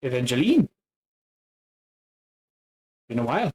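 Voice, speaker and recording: A man voicing a weary, guarded woman in a tabletop game, who asks calm, measured questions. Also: medium pitch, husky. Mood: calm, probing.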